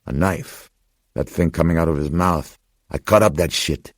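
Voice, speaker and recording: A man's voice: extremely low pitch, moderate pace, no echo, studio quality. A man voicing a brash, defensive young street thief who swears freely.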